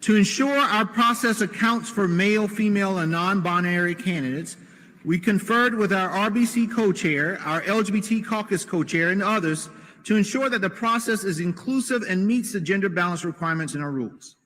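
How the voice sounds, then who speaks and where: A man reading a prepared procedural statement as a party official, formal with some halting restarts. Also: high-pitched, a bit bright. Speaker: party official announcing election rules. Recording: clip with long hall reverb.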